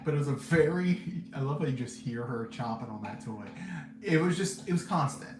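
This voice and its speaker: A podcast host, seated indoors, gives casual, candid film reviews in a rambling style and laughs a lot. His mid-range voice is animated and brisk, with music playing behind him, and the recording has a roomy echo and a faint hum.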